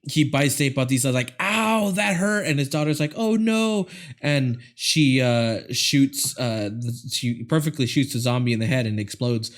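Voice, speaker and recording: A man's voice: mid-range voice, fairly even intonation, normal speed, hardly any pauses. A man hosting a podcast, retelling a film in a rambling, laughing way with many restarts. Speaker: podcast host. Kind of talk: casual movie recap chat.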